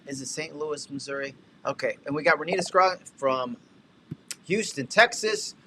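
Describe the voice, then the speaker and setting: Host type: lively, bright-voiced man running a casual livestream demo, chatty and upbeat, faint noise behind. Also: fairly high pitch, moderate pace. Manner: energetic, talkative, shout-outs and asides. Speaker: livestream host and real estate tech coach.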